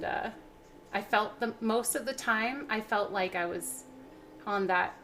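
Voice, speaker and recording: A young woman hosts a cooking livestream, chatting casually and rambling with lots of fillers and restarts. Her mid-range voice is a bit bright, and there's slight background noise along with faint music.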